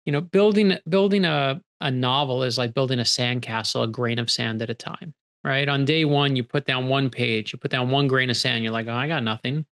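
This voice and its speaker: A man, a guest author, telling stories in an energetic, animated conversational way and acting out quoted dialogue. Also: medium pitch. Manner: energetic, animated, quick bursts when excited. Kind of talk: conversational storytelling.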